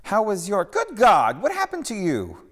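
Man putting on a high, excitable woman. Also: moderate pace, long reverb tail, heavily acted. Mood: alarmed. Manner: high, blurting. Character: excitable woman disciple, alarmed.

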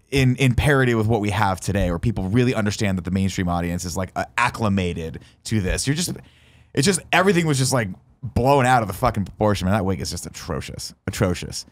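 Podcast host, male, lively swinging pitch, casual and profane, stretches words for emphasis. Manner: animated, swearing, drawn-out emphasis. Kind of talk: casual chat.

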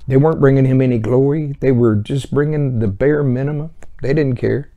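A man's voice: mid-range voice, brisk, warm tone. A man teaching verse by verse through a Bible book in a conversational way, with chuckling asides.

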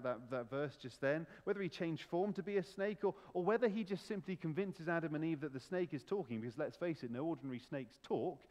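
Man, pastor, church sermon, emphatic, lively pitch, long hall echo. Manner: animated, emphatic, rhetorical questions.

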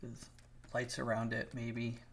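A man's voice: medium pitch, monotone, a little slow, vocal fry. A middle-aged man streaming live as an animator, chatting casually and rambling while he draws, greeting and teasing viewers by name. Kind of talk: casual livestream chat while drawing.

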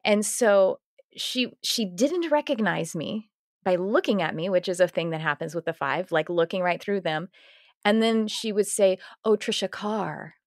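A woman hosting a podcast, telling stories in a lively, laughing way with lots of restarts. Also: mid-range voice, normal speed, no echo, clean studio sound. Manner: animated storytelling, laughing often, self-interrupting restarts. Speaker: podcast host. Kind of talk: casual conversational interview.

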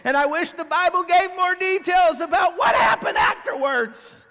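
A man's voice: very high-pitched, normal speed, sharp tone, raised voice, long reverb tail, some chatter behind. A man preaching a sermon as pastor, conversational and emphatic, often acting out how people would react. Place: church sanctuary.

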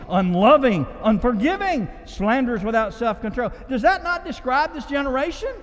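A man preaching a sermon as pastor, impassioned, with big swings between loud and hushed. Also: high voice. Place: church sanctuary. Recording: long reverb of a church hall.

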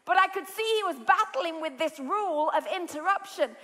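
A British woman preaching a sermon, telling stories with lively energy and rising to shouts. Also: extremely high pitch, moderate pace. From Britain. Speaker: pastor. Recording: large hall with long reverb.

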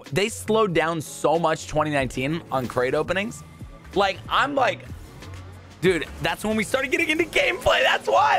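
A young man in casual gaming commentary, rambling excitedly and sometimes breaking into shouts. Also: medium pitch. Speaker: gaming YouTuber. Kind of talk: casual crate-opening commentary.

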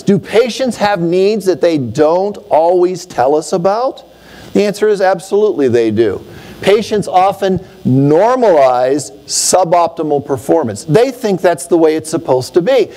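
A middle-aged man, an optometrist, giving an animated conference talk and telling stories to make his points. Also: unhurried. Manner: animated storyteller, swings pitch for emphasis.

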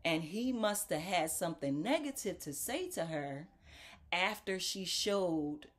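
In an unhurried, fairly low voice, a talk show host tells her viewers a casual story. She brings it to life by acting out the quoted voices, and she talks right to them, calling them "y'all."

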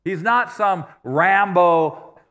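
A pastor preaching a sermon in a church, telling stories in a conversational, self-deprecating way. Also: male voice, high-pitched, drawn-out words, a bit bright. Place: church sanctuary. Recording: long reverb of a large church hall.

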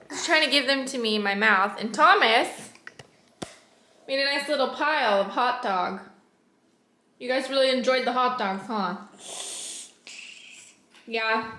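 A woman's voice: fairly high pitch, sharp tone. A woman filming a family vlog at home, talking with her toddlers in a sing-song, cooing voice. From Southern California. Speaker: mother and family vlogger. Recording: echoey room with clear background noise.

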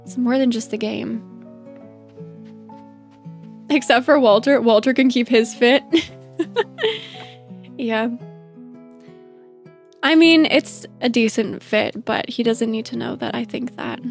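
A woman's voice: a little high, takes it slowly, creaky, long pauses. A woman streaming a game in casual commentary, bubbly and gushing, laughing often. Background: faint game music.

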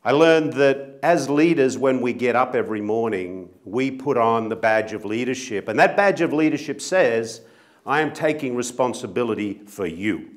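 A middle-aged Australian man giving an earnest, gently self-mocking speech to an audience as a company chief executive. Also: mid-range voice, normal speed, few pauses. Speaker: company CEO speaker.

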